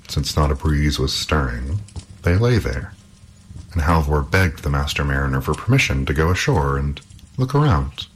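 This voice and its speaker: A man reading a fairy tale aloud in an expressive, measured storytelling manner. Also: extremely low pitch, slight background noise.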